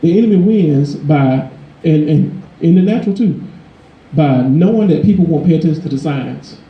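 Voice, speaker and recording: A man preaching a sermon in a conversational, emphatic way, his voice climbing higher when he drives a point home. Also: lively intonation, moderate pace, echoey room, lo-fi sound. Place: church.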